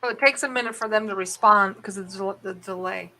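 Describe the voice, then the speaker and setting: Bright-voiced woman relaying messages on a stream. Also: mid-range voice, quick pace. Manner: relays messages from viewers and encourages the reader.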